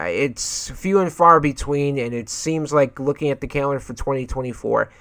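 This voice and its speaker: A man hosting a gaming channel, chatting casually and reading an article aloud, pausing often with "uh". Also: mid-range voice, fairly bright tone. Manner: hesitant, fills pauses with many "uh"s.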